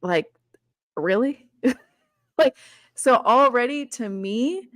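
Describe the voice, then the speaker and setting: Animated woman chatting about a book. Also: on the high side, slow pace, no room sound, studio quality. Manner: animated, acts out characters' lines, laughs often. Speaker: book club co-host. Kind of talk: casual book discussion.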